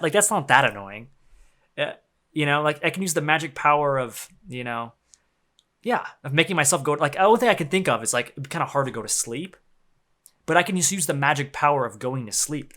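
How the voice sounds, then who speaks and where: A man's voice: medium pitch, bright, forceful tone. A young man streaming a game, rambling and joking in slangy, swearing casual talk. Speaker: gaming streamer. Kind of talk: casual commentary while playing.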